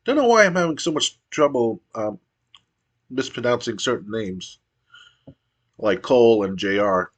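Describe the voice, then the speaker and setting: A man's voice: medium pitch, animated, unhurried, long pauses. A man narrating a wrestling sim playthrough as a game streamer, giving a play-by-play recap with casual asides.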